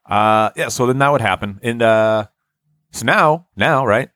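A man's voice: medium pitch, unhurried, a bit bright, dry recording, clean studio sound. A young man co-hosting a casual comedy chat, rambling through a story and acting out the lines he quotes.

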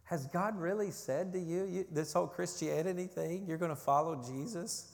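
High-voiced man preaching in a hall. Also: normal speed, gravelly, hardly any pauses. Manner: urgent preaching, rising loud on warnings, dropping low and quiet on questions. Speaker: pastor. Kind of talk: sermon.

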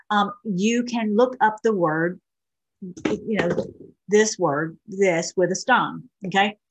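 A woman's voice: medium pitch, fairly bright tone, breathy edge, poor audio. A middle-aged woman rambling through casual commentary as she reads posts aloud, with many restarts and fillers. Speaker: online show host.

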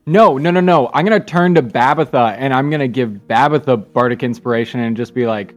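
A man's voice: medium pitch, a little fast, hardly any pauses, soft background music. Playful man at a tabletop game. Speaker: player. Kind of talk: casual tabletop play.

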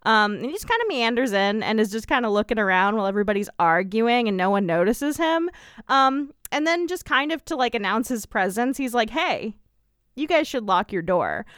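Casting: woman co-host, smooth clear voice, dry close sound, rambling playful recap. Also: a little high, lively intonation, a little fast, a bit bright, no room sound. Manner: rambling, frequent ums, playful asides. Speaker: podcast co-host. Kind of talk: casual chat recapping a TV episode.

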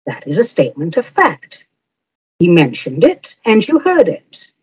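A woman's voice: mid-range voice, wildly swooping pitch, measured pace, slightly rough, rough recording. A woman hosting an advice podcast, answering listener letters in a playful, teasing way and laughing often.

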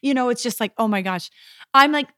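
A middle-aged woman co-hosting a chat podcast, telling stories in an animated way and acting out the scenes. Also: a little high, fairly quick, smooth, dry recording, clean studio sound. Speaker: podcast co-host. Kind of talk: casual chat.

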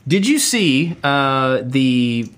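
A middle-aged man co-hosting a podcast, telling stories in a relaxed, chatty way with many fillers and laughs. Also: medium pitch, extremely slow, smooth. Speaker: podcast co-host. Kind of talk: casual chat.

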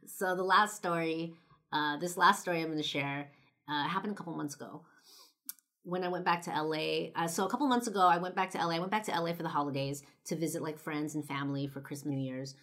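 With a low, deep-set, slightly bright voice and a brisk pace, a young Los Angeles vlogger addresses the camera directly. Her storytelling is loose and conversational, peppered with "like" and "you know," and she curses bluntly. She comes from Los Angeles, United States.

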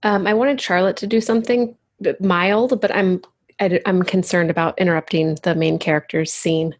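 A woman's voice: on the low side, fairly even intonation, moderate pace. A woman playing a tabletop game, speaking in a polite, tentative way.

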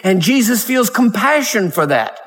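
High-voiced man preaching in a hall. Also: big pitch swings, normal speed, fairly bright tone. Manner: conversational preaching with laughs and mock voices. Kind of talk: sermon. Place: church sanctuary. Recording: long hall reverb.

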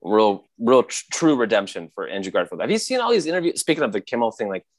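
A man in casual chat, retelling scenes excitedly with frequent laughter. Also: fairly low pitch, quick pace.

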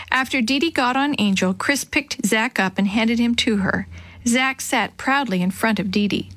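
A woman reading a children's chapter book aloud, telling the story gently and lightly voicing the characters. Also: a little high, no room sound. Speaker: storybook reader.

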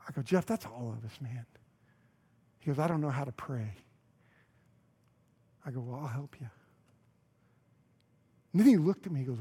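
A male pastor giving a sermon, telling a story with acted-out dialogue and dropping to a hush on key lines. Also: fairly high pitch, expressive, moderate pace, pauses often, husky.

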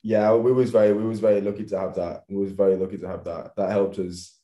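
A man in his thirties from England, a professional dancer chatting as a podcast guest, relaxed and quick to laugh. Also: fairly low pitch. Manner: laughs often, relaxed and easygoing. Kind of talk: casual interview chat. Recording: echoey room.

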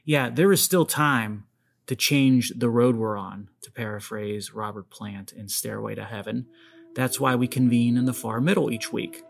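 A man's voice: mid-range voice, moderate pace, creaky. A man hosting his own podcast, giving emphatic commentary and speaking straight to his listeners. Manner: emphatic, addresses listeners directly. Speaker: podcast host.

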